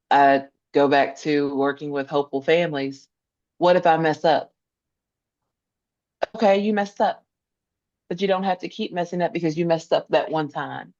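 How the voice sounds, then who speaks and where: A woman's voice: low voice, darkish tone, lo-fi sound. A woman guest in a podcast interview, talking earnestly and emphatically, repeating phrases to stress her point. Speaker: podcast guest, social worker. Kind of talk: conversational interview.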